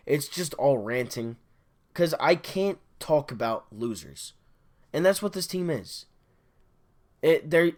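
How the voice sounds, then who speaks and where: A man hosting a sports podcast, delivering an exasperated solo fan rant, repeating his complaints over and over. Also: mid-range voice. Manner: exasperated, repetitive ranting.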